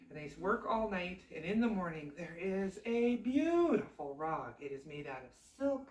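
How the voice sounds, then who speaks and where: A woman tells a fairy tale in a casual, chatty way, full of lively asides. Her voice sits fairly low for a woman. The room is echoey and she is some distance from the mic. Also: moderate pace, few pauses, a little hiss or hum. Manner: chatty, animated, conversational asides. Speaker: storyteller. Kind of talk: casual oral storytelling.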